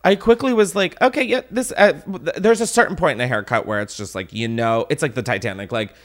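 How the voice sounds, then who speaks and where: A man's voice: medium pitch, a little fast, fairly bright tone. A man hosting a casual podcast, ranting animatedly with swearing and laughter. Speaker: podcast host.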